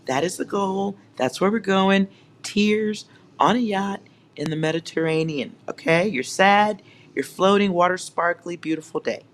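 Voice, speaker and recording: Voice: mid-range voice, a little slow, slight background noise. A tarot reader giving a collective reading at home, speaking straight to viewers in a teasing, sarcastic way and laughing often.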